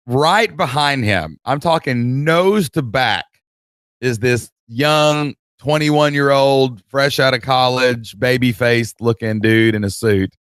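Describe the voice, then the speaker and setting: Male podcast co-host, animated storyteller, mid-pitched, dry close sound. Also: no room sound. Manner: animated, acts out voices, laughs mid-story. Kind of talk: casual storytelling chat.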